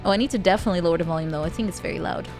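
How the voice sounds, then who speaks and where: Woman streamer, casual game chatter, laughs a lot, soft music behind. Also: fairly low pitch, racing. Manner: giggly, laughs often, rambling asides. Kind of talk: casual gameplay chat.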